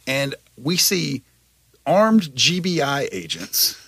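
Podcast guy from georgia, gravelly husky voice, rambles and swears a lot, dry close mic. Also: medium pitch, very animated, slow, a bit bright, dry recording. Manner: rambling, profane, lots of fillers. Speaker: podcast host. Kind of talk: casual storytelling chat.

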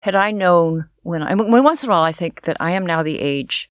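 A woman's voice: on the low side, lively intonation, brisk, no echo, clean studio sound. Wry older woman podcast co-host. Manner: wry, self-mocking humor. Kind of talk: casual chat.

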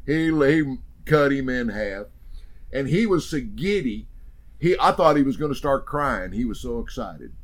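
A man's voice: mid-range voice, animated, a little slow. A man telling a hunting story as a guest in an interview, emphatic and rambling with many restarts.

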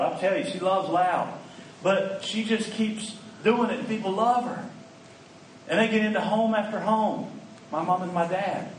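Man, middle-aged, folksy conference preacher, slightly high voice, roomy hall from a distance. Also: slight background noise. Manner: folksy, animated, acts out dialogue. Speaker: conference speaker. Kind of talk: preaching talk. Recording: echoey room, mic at a distance.

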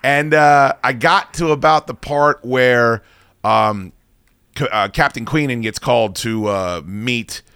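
A man's voice: mid-range voice, slow pace, fairly bright tone, smooth, no echo, studio quality. A man in his thirties hosting a podcast, telling a long story in a rambling, self-mocking way and swearing constantly. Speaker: podcast host. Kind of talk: casual profane storytelling.

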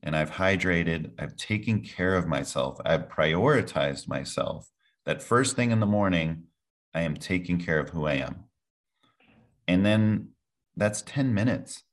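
A man's voice: low voice, lively intonation, a little slow. A man answering as a podcast guest, energetically walking the listener through his daily routine step by step. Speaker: product formulator.

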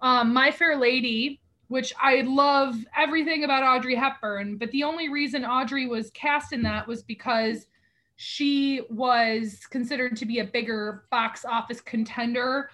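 A woman's voice: high-pitched, fairly even intonation, a little slow, sharp tone. A woman co-hosting a podcast, chatting casually and expressively, teasing with fondness. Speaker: podcast co-host. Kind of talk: casual chat.

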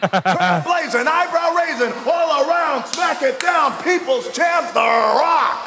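A man shouting a boastful wrestling promo in rhythmic catchphrases, from an archive clip. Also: very high voice, lively intonation, slow pace, vocal fry. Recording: echoey arena clip with loud ambience.

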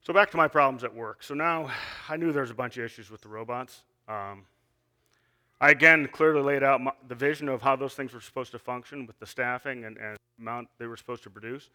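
Earnestly delivering a sermon, a male lay preacher reads from scripture and questions the listeners, with frequent restarts. His medium-pitched voice is bright and forceful, moving a little fast.

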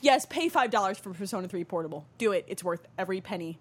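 A woman's voice: medium pitch, animated, fast talker, breathy edge. A woman co-hosting a podcast, joking crudely in casual chat and reading out listener questions, laughing often. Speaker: podcast co-host.

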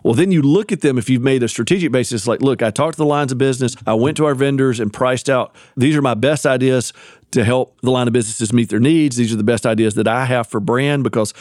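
Male podcast co-host, mid pitch, dry studio sound, chatty advice-giver. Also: quick pace, darkish tone, dry recording. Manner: explains at length, gives business advice. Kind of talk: casual chat.

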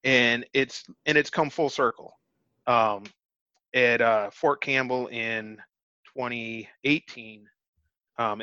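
Often starting his sentences over, this interview guest recounts a story earnestly and informally. He has a sharp-toned, medium-pitched voice, heard in a dull, dry lo-fi recording without echo.

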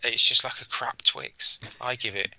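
A man with a strikingly bright, sharp voice co-hosts a laid-back podcast. He talks in an easygoing, enthusiastic way about things he bought. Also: medium pitch, steady tone, unhurried, creaky, rough recording. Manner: easygoing, enthusiastic, laughs often. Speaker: podcast co-host. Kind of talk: casual chat.

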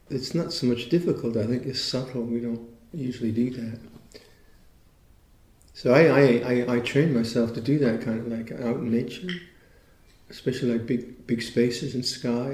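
A man teaching meditation in a reflective dharma talk, his voice mellow and relaxed. He speaks thoughtfully and without hurry, as if talking with students. The sound carries an echo from the room. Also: mid-range voice. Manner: thoughtful, unhurried, conversational.

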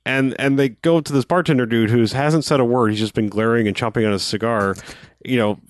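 A man's voice: mid-range voice, fairly even intonation, brisk. A man in casual podcast chat, rambling through a movie recap and acting out lines in silly voices. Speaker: podcast co-host.

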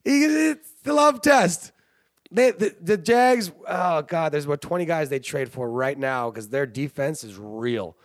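A man's voice: a little high, expressive, unhurried, dry recording, clean studio sound. A man hosting a sports show, rambling and joking in casual commentary, often laughing. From Canada. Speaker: sports podcast host.

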